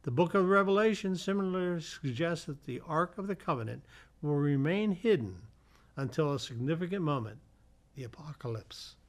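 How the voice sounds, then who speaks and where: A man's voice: fairly high pitch, expressive, normal speed. A man with a slightly raised voice hosts a community television fact show from a studio. He reads trivia off slides in a chatty way, now and then tripping over a word and fixing it. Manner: reads from slides, stumbles and corrects himself. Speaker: host. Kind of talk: reading fun facts on a community TV show.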